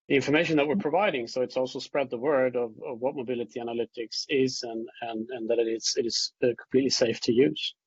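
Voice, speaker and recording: A man's voice: mid-range voice, darkish tone, husky, dry recording, lo-fi sound. A man speaking on an online panel, fairly fluent with a few restarts, over a video call.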